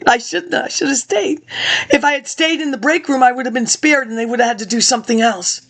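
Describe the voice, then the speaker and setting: Woman in her 50s, high voice, vlogger talking to camera, tangential and chatty. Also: brisk, a bit bright. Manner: rambling, jumps between tangents, addresses viewers directly. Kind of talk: rambling personal monologue.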